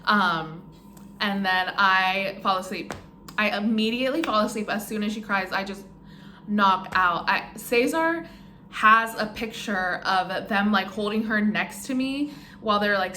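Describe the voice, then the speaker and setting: Unhurried yet forceful, this young vlogger's bright, medium-pitched voice carries her casual, rambling birth story. She fills it with "um" and "like." The space sounds echoey, with slight background noise.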